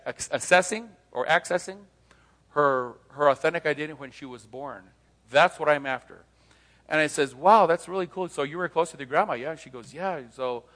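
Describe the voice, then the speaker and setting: A man's voice: mid-range voice, a bit bright. A middle-aged man giving a live talk to an audience. He tells stories, acts out both sides of conversations and asks rhetorical questions. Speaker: speaker on leaving cults, former pastor. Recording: long hall reverb.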